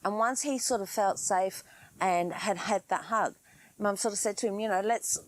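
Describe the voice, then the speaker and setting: A woman's voice: medium pitch, normal speed, dry recording. Earnest woman host. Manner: earnest, conversational, frequent fillers. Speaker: podcast host. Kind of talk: storytelling monologue.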